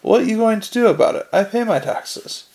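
A man's voice: high-pitched, lively intonation, normal speed, a little mellow, pitched above the performer's own voice. A man voicing an indignant, grasping fat middle-aged male shopkeeper in an audiobook.

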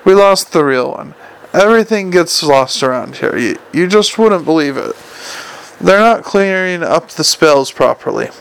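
A man voicing a fussy, nervous middle-aged male wizard who chatters and flusters, with a gravelly edge. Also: on the high side, lively intonation, unhurried, a bit bright, heavily acted, rough recording. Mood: muttering. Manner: flustered, chatty, eager to please.

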